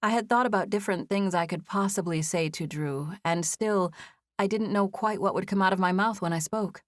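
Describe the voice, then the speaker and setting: A woman reading a first-person novel as an audiobook narrator, in an even, measured storytelling style, on a close studio mic. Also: mid-range voice, no echo.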